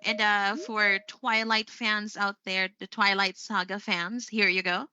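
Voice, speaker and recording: A woman's voice: medium pitch, little pitch movement, unhurried, sharp tone, clean tone, muffled recording. A woman with a Filipino accent teaching a live online English lesson, chatty and upbeat, often saying "there you go.".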